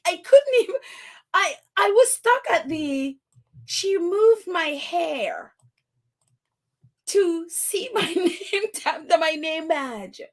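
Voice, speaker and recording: Lively high-voiced woman podcast host. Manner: animated, exasperated, laughing in disbelief. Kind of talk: casual commentary.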